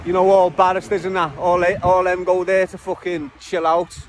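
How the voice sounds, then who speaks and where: A man with a strong Liverpool accent and a high voice chats away to his viewers while riding through a city centre, swearing freely. Loud street noise and traffic sit right under his voice. He talks in a loose, running vlog style. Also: level tone, moderate pace. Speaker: vlogger giving a city tour. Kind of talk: casual walking-tour vlog.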